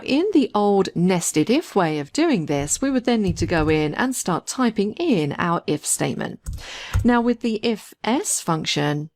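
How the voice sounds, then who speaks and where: A woman records a screen-capture software lesson, explaining each step in a clear, methodical way. Her voice sits a little low, but her intonation rises and falls a lot. She speaks close to the mic as a voice-over. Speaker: spreadsheet instructor.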